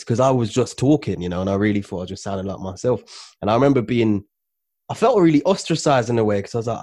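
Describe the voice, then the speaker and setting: A man's voice: fairly low pitch, fast, a little mellow, no echo, clean studio sound. A man hosting a casual chat, engaged and giving frequent short affirmations.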